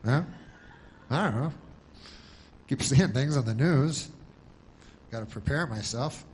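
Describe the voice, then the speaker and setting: A man doing a stand-up comedy set, deadpan and rambling, with many asides and put-on voices. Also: medium pitch, takes it slowly, a little hiss or hum. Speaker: stand-up comic.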